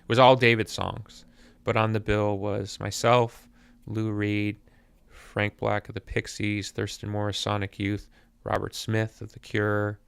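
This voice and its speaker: A man's voice: fairly low pitch, flat delivery, unhurried, vocal fry, hardly any pauses, a bit bright, clear, resonant tone, no room sound. A man in his fifties, a musician guest talking thoughtfully on a podcast and often repeating words as he searches for them. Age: 50s. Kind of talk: reflective interview conversation. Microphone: podcast mic.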